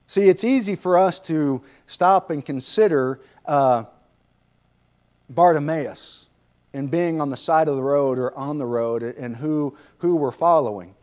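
A man's voice: fairly high pitch, measured pace, darkish tone. A man teaching a sermon lesson in a conversational way, asking his listeners rhetorical questions. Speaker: preacher.

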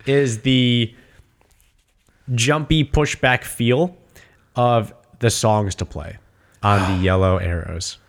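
A man's voice: mid-range voice, steady tone, takes it slowly, long pauses. A man co-hosting a podcast in casual chat, joking in a playful, mock-grand way. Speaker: podcast co-host.

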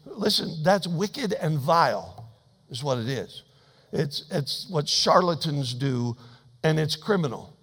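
A man with a high-pitched voice delivers a sermon in a folksy, humorous storytelling manner. He swings between emphatic, raised declarations and quiet asides. Each phrase trails off into the long reverb of a large church sanctuary. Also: lively intonation, slow pace, breathy edge. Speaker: pastor.

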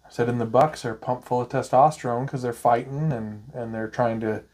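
A man, co-hosting a podcast and telling a story in a loose, animated way with frequent laughter and casual swearing. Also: medium pitch, moderate pace. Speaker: podcast co-host.

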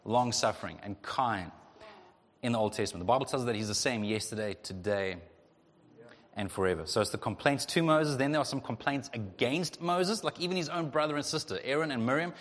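A male pastor preaching a sermon in a lively way, acting out the voices of the people in his story. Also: medium pitch, a little fast. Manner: animated, acts out voices of God and the Israelites. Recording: long hall reverb.

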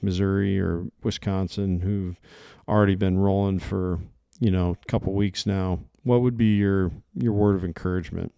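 A man's voice: sits low, creaky, warm tone, clean tone, no room sound, clean studio sound. A man hosting a podcast, talking in an enthusiastic, rambling way. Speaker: podcast host. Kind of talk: casual podcast interview.

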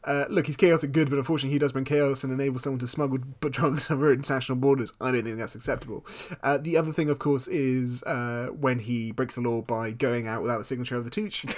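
A man's voice: mid-range voice, steady tone, fast talker, few pauses. A man co-hosting a podcast in casual chat, arguing his points in a teasing, mock-stern way. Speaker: podcast co-host.

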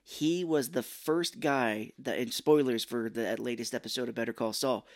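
Dude co-hosting a movie podcast, chatty and jokey, middle pitch, does little silly voices. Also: male voice, moderate pace, no echo, studio quality. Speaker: podcast co-host. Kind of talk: casual movie-review chat.

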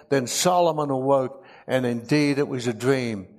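A man's voice: medium pitch, a little slow, hardly any pauses, a little mellow. A man preaching a sermon, reading scripture aloud and adding emotional, humorous asides.

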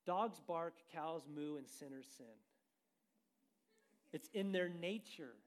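A man's voice: a little high, slow pace. A man preaching a sermon as pastor, asking the congregation questions and driving his points with energy.

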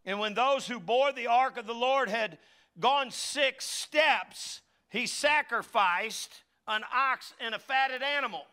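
A middle-aged male pastor delivering an animated sermon, his voice high and bright. He slips into character voices for the people in his stories and calls on the congregation to say lines back to him. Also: slow. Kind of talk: lively sermon with acted-out quotes.

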